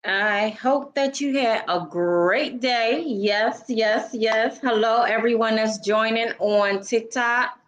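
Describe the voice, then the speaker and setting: An older woman hosting a casual livestream, greeting viewers by name in a chatty way, her voice a little froggy and hoarse. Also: on the high side, slow pace. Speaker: livestream host. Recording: dull lo-fi livestream audio.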